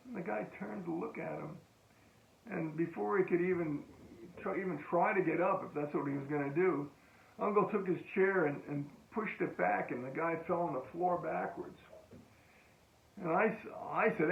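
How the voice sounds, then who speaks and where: An older American man, a veteran, recounting a story in a halting oral-history style with frequent restarts and chuckles. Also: fairly high pitch, creaky. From United States. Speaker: veteran telling a war story. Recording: tinny phone-like echoey room.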